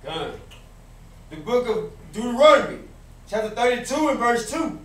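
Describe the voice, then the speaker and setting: A man's voice: very high-pitched, big pitch swings, normal speed, fairly bright tone. A man reading Bible verses aloud steadily for a class. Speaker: scripture reader in class. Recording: echoey room, mic far off.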